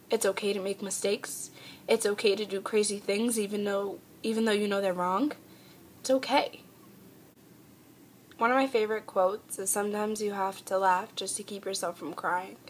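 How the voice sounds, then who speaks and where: A woman's voice: medium pitch, steady tone, moderate pace, a little hiss or hum. A young woman talking earnestly and heartfelt in a personal vlog, pleading with her viewers. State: tearful. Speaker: vlogger.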